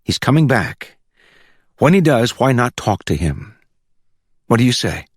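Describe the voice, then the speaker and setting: A man's voice: mid-range voice, big pitch swings, unhurried, husky, no echo, clean studio sound, voice pushed up, full character voice. A man voicing a tough woman officer who presses a suspect with coaxing questions, in a storybook reading. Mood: pressing. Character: probing, streetwise woman officer.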